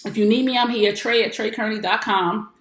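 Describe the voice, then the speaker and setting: A woman's voice: medium pitch, fairly even intonation, brisk. A woman in her forties, a life coach hosting her own broadcast, talking in an emphatic, repetitive, preacherly way. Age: 40s. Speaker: life coach and show host. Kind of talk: motivational broadcast talk. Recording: roomy echo.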